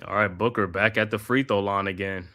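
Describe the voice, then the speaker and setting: A man hosting a live watch-party stream, calling the game play by play in a steady flow with casual slang asides. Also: on the low side, fairly quick. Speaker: host.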